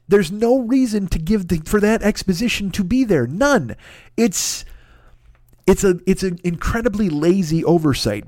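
A man who is a stand-up comedian, hosting a podcast and telling a profane story as a monologue that builds in excitement. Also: sits high, no room sound, studio quality. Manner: animated, swearing, rants with mounting excitement. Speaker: podcast host.

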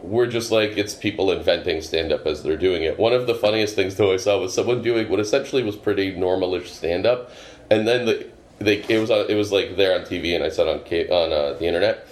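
A man's voice: low voice, fairly quick. A man from the Boston area, a comedian guest chatting casually in a rambling, wry way with many asides. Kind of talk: casual chat. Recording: roomy echo with faint hum.

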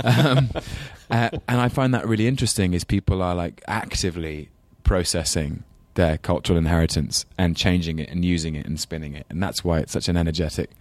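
A man's voice: low voice, quick pace, hardly any pauses. An English man with a London accent, chatting thoughtfully as an interview guest, self-deprecating with many restarts. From England. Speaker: guest, actor. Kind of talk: casual interview chat.

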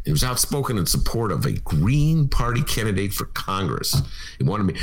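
A low, gravelly man, wisecracking through casual radio banter. His pitch leaps all over the place as he slips into mocking voices of other people. It is a lively, talky host delivery. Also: moderate pace. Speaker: radio talk show host.

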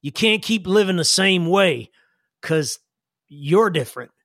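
A folksy young man in a power suit, played by a man, talking in a casual drawl with rough grammar. He talks plainly and earnestly to a friend. The sound is dry and close. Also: high voice, animated, unhurried, a bit bright, dry recording, exaggerated voice.

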